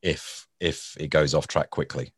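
A man's voice: extremely low pitch, unhurried, slightly rough, no room sound, clean studio sound. A man talking about negotiation in a conversational interview, often acting out angry people and restarting his words. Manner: animated storytelling, acts out angry people. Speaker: guest, former hostage negotiator.

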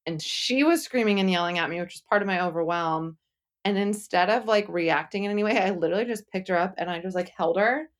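A woman's voice: mid-range voice, brisk. A young woman speaking candidly as an interview guest, chatty and full of "like" fillers, acting out what others said. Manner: chatty, frequent "like" fillers, acts out quotes.

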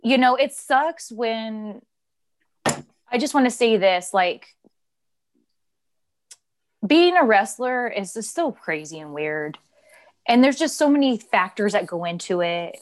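A woman's voice: on the high side, animated, slow pace, pauses often. Chatty rambling woman, swearing and laughing. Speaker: co-host, former wrestler. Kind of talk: casual live-stream chat.

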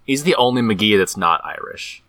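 Bright-voiced, rambling male co-host. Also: lowish voice, animated, moderate pace, no room sound. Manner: rambling, hesitant, goofy. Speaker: podcast co-host. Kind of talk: casual podcast banter.

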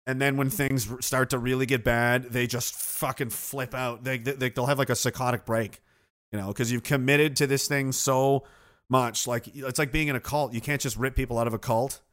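A man's voice: mid-range voice, fairly even intonation, moderate pace, a bit bright. A man hosting a live show, ranting sarcastically with lots of swearing and reading out viewer comments. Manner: profane, sarcastic, reads chat comments aloud. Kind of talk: casual livestream rant.

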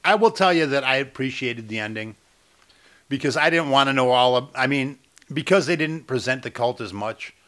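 Man, bright forceful voice, blunt, grumbling, casual movie review chat. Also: medium pitch, expressive, a little fast. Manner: blunt and grumbling, swears freely. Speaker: podcast co-host.

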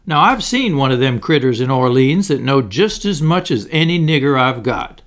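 A man's voice: mid-range voice, sing-song, normal speed, lightly acted. A man reading the part of a blunt, scoffing plantation owner.

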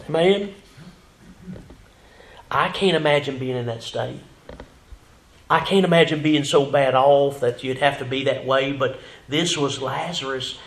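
A male pastor preaching a sermon in a church, rising to loud emphatic passages and dropping to near whispers. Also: medium pitch, creaky, roomy sound, a little hiss or hum. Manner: fervent preaching, swells loud then drops to a whisper. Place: church sanctuary.

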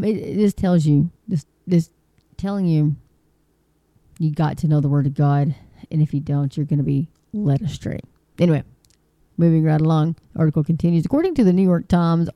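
A woman's voice: deep voice, mellow, no room sound. A woman hosting her own online channel, reading a news article aloud in casual commentary, with frequent ums, restarts and indignant asides. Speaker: online video host.

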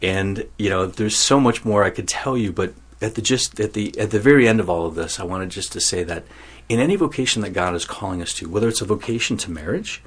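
A man's voice: fairly low pitch, animated, quick pace, slightly rough. A man as an interview guest, telling his vocation story in an earnest, self-mocking way.

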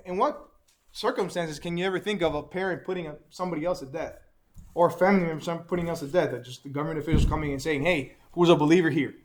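A man with a high voice teaching a Bible class. He talks with animation and keeps firing questions at his listeners. He asks them to answer back as he explains each verse. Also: fast talker.

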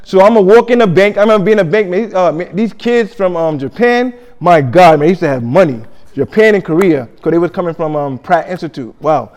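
A man's voice: sits high, animated, brisk, hardly any pauses, a little mellow. A man preaching a sermon with a conversational delivery. He often repeats himself and leads the congregation in call-and-response.

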